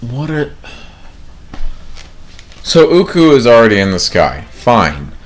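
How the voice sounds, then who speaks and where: A man's voice: on the low side, big pitch swings, normal speed, faint music behind. A man hosting a let's play, talking casually and self-deprecatingly as he plays. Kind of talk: gameplay commentary.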